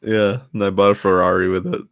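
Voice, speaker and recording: A man's voice: low voice, little pitch movement, fast talker, creaky, no echo. A young man co-hosting a casual comedy podcast, rambling through jokey stories with plenty of restarts. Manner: rambling, jokey, slips into silly voices. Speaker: podcast co-host.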